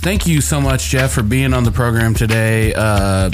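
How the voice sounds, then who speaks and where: A man's voice: medium pitch, moderate pace, music in the background. A male podcast host talking casually, laughing easily and joking at his own expense. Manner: laughs easily, self-deprecating.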